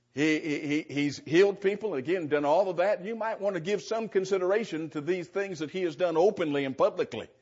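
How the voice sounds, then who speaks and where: A middle-aged man teaching through scripture in an easygoing sermon, his voice a little husky and pitched slightly high for a man. He chuckles often and restarts phrases as he thinks aloud. The recording sounds dull and lo-fi. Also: fairly quick, darkish tone. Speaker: preacher. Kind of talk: sermon, verse-by-verse Bible teaching.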